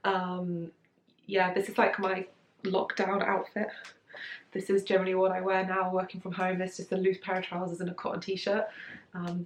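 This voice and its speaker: The recording sounds echoey, with slight background noise, as a young woman from Britain talks about clothes she has made in a room at home. She's a sewing vlogger whose casual, giggly chat is full of fillers and asides, and her voice is on the low side.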